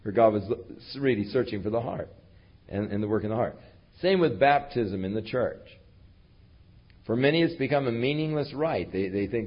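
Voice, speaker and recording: A man's voice: medium pitch, moderate pace, slightly rough. A man preaching a verse-by-verse sermon in a conversational way, with fillers and asides to his listeners. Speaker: pastor. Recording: dull lo-fi recording.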